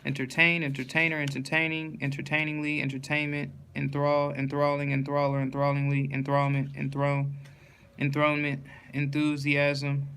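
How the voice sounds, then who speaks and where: Flat-voiced man reading word lists. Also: fairly high pitch, moderate pace, clear, resonant tone. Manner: monotone word-by-word reading with stumbles and restarts. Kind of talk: reading dictionary entries aloud in a steady list.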